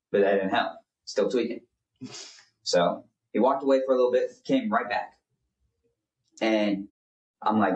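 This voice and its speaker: A man's voice: lowish voice, normal speed, pauses often. A young man, a podcast co-host, talking earnestly in a rambling, casual way with many fillers. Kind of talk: casual faith chat. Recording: roomy, distant mic.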